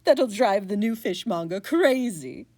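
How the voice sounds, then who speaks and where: A woman's voice: medium pitch, animated, measured pace, a little mellow. A woman voicing an indignant, vengeful male talking cat who talks in a huffy, dramatic way. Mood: scheming.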